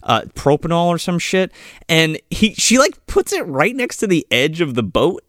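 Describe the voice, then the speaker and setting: A man with a fairly high voice that swings widely in pitch, chatting casually on a podcast. He recaps a film scene by scene, swearing freely and slipping into the characters' lines. The sound is dry and close. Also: sing-song, moderate pace, fairly bright tone, dry recording. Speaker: podcast co-host. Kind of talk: casual chat reviewing a film.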